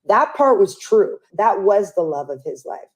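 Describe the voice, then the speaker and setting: A woman's voice: mid-range voice, measured pace, slightly rough. A woman giving an interview, telling a story candidly and acting out what other people said. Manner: animated storyteller who acts out others' lines. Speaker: interview guest.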